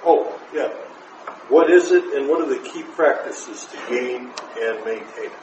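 A man chairing a group meeting, speaking haltingly and repeating words. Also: mid-range voice. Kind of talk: group discussion. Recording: distant mic, noisy room.

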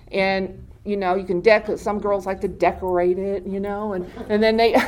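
At a recovery meeting, an adult woman with many years in recovery speaks directly and informally to the group in a mid-range, darkish voice. She keeps quizzing the room with questions and laughs often.

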